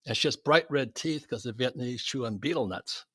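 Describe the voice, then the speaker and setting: A man's voice: mid-range voice, brisk, breathy edge, dry recording, clean studio sound. An older man, a guest, telling a story with lots of animation and laughing at himself. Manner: lively anecdote teller, laughs at his own stories.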